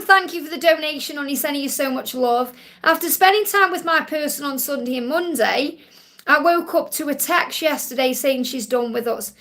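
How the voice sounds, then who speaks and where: Woman, psychic reader, live-stream Q&A, high pitched, soothing, reassuring, repeats key phrases. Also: a bit bright. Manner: soothing, reassuring, often ends with "okay?". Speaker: psychic reader answering viewer questions. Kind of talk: live-stream Q&A card reading.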